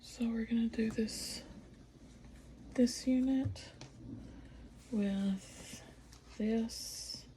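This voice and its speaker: A woman's voice: on the high side, fairly even intonation, extremely slow, pauses often, dark tone, in a whisper. A woman with a Southern American accent chatting casually while she sews, now and then singing along to herself. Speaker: quilting vlogger. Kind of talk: casual sew-along narration. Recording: noisy home sewing room. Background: sewing machine whirring.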